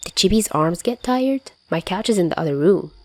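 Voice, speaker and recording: Brief: a woman doing a wry, nonchalant young man who teases, voice pitched up a little. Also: lively intonation, normal speed, darkish tone, dry recording. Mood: teasing.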